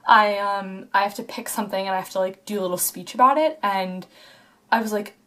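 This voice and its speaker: A woman's voice: medium pitch, a little fast, sharp tone. A young woman in her twenties, a student teacher, talking casually and rambling to camera with many likes and restarts. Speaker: vlogger. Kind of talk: casual personal talk to camera.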